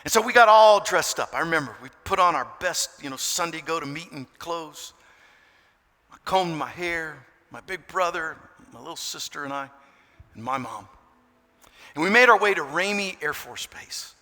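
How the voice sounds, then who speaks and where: Pastor in his sixties, bright and echoing. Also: fairly high pitch, lively intonation, moderate pace. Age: 60s. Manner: dramatic swings from hushed to loud. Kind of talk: sermon. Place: church. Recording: reverberant church hall with music.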